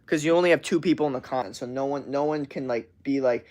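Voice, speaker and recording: A man's voice: medium pitch, fast talker, a little mellow. A young man streaming live, chatting casually with his viewers and ranting, with a lot of swearing. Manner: profane, ranting, talks straight to viewers. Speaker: livestreamer. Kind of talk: casual livestream chat.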